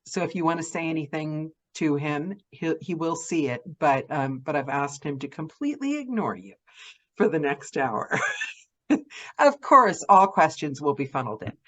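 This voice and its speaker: A woman's voice: low voice, big pitch swings, normal speed, a bit bright. A woman hosting a casual interview over a video call, laughing often and encouraging her guest. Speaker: podcast host.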